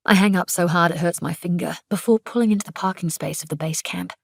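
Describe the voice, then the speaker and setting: A woman's voice: on the low side, fast talker, creaky, hardly any pauses, husky, dry recording, studio quality. A woman narrating an audiobook in the first person, intense and emphatic in the dialogue.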